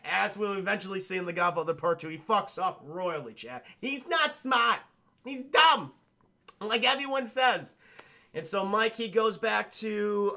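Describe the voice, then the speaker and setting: A high-pitched man talks to his livestream chat, retelling a film scene by scene. His voice is bright and forceful, and he rambles in a profane, animated way with quick asides to his viewers. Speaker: streamer reviewing a film with chat.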